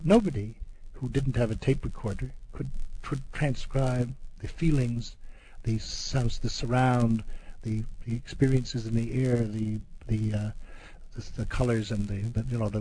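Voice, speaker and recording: A man reading a poem aloud and then talking about it, halting and repeating words as he explains. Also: mid-range voice, steady tone, warm tone, breathy edge, low-quality recording. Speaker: poet and guest discussing poetry. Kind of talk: poetry reading and discussion.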